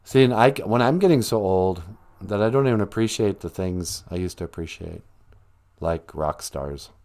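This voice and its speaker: A low, darkish voice with lively intonation belongs to a man running a casual livestream from a small room in his home. At normal speed, he muses aloud in a rambling, joking way, full of laughter.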